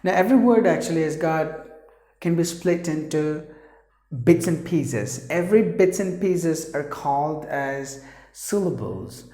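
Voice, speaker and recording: A man gives an English pronunciation lesson, repeating every word several times. He speaks at a very unhurried pace. His voice rings in a noticeably echoey room. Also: a little high, expressive, mellow. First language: Tamil. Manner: slow, repetitive, drills words aloud.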